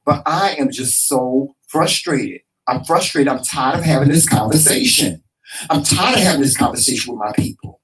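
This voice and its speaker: A man's voice: medium pitch, expressive, normal speed, fairly bright tone, distant mic, low-quality recording. Frustrated man ranting, set back from the mic. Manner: emphatic, repetitive, swears freely, preacher-like cadence. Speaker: talk show co-host. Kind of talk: heated casual talk show rant.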